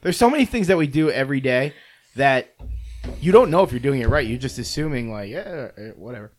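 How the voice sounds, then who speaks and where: Wry man tossing in quick jokes. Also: medium pitch, animated. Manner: wry interjections, teasing. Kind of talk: casual chat.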